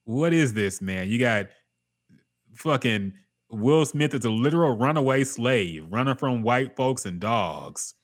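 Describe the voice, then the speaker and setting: A man's voice: mid-range voice, expressive, measured pace. A man co-hosting a casual podcast, reacting to trailers and sports news with blunt, profane commentary. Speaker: podcast co-host.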